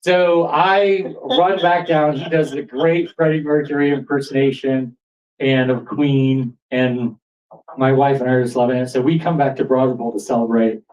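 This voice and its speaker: Excitable man telling a story on stage. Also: medium pitch, normal speed, recorded from a distance, rough recording. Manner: animated, builds excitement. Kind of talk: live storytelling. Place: pub stage before an audience.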